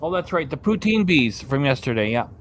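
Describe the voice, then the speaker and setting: A man's voice: on the high side, sing-song, brisk, fairly bright tone, slight background noise. A man hosting a reaction channel, giving blunt, sarcastic commentary over clips and swearing freely.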